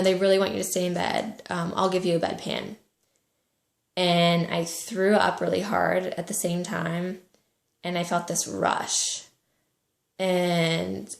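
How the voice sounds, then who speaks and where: A young woman in her twenties telling a personal story to camera, soft-spoken and halting, with many pauses and fillers. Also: lowish voice, vocal fry, echoey room. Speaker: vlogger.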